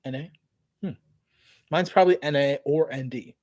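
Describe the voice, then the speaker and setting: A man hosting a casual livestream Q&A outdoors, talking in a slangy, animated way that trails off at the ends of phrases. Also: on the high side, normal speed, dry recording, studio quality. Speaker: host. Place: outdoors by parked cars.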